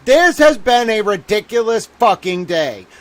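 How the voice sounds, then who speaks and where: A man with a high-pitched voice hosts a solo livestream, ranting in a theatrical, exasperated way. He swears freely and says the same thing over and over. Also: very animated, measured pace. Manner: exasperated, theatrical, swears often, repeats himself. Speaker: livestream legal commentator.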